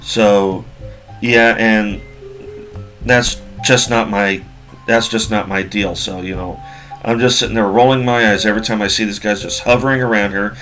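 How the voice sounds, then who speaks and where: A man's voice: lowish voice, steady tone, normal speed, a bit bright, faint music behind. A man in his forties telling a casual story from work in a rambling way, with many fillers and repeats. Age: 40s.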